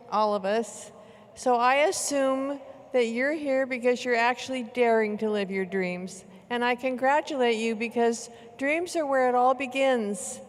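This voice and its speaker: An older woman giving an emphatic motivational keynote at a large convention, with slow measured repetitions. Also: a little high. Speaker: keynote speaker. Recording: long hall reverb in arena.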